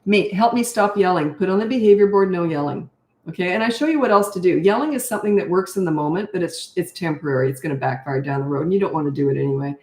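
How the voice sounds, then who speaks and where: A woman's voice: on the low side, fast talker, a little mellow. An older woman who coaches parents, giving blunt, matter-of-fact advice in a casual question-and-answer talk and laughing often. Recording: roomy echo.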